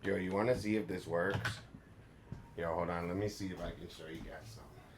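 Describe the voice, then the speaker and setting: A man's voice: low-pitched, steady tone, brisk. A young man chatting loosely to his viewers from his room. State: out of breath. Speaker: vlogger. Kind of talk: casual livestream chat. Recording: echoey room with loud ambient noise.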